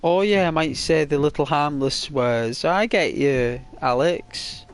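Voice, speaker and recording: A man's voice: fairly high pitch, unhurried, soft background music. A man streaming a game and chatting casually to viewers, rambling with lots of fillers. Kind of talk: casual live-stream chat.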